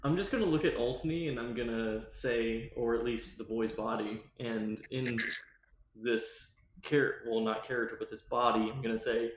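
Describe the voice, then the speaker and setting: A man's voice: mid-range voice, moderate pace. A man playing in a tabletop game, thinking aloud with hesitant questions. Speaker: player. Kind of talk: casual tabletop play. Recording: roomy echo.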